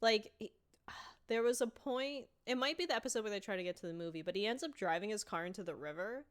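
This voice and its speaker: A woman's voice: mid-range voice, quick pace. A woman co-hosting a podcast, chatting casually and retelling scenes with lots of "like" and acted-out quotes. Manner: animated storytelling, acting out quoted lines with filler "like". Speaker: podcast co-host. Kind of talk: casual chat recapping a sitcom.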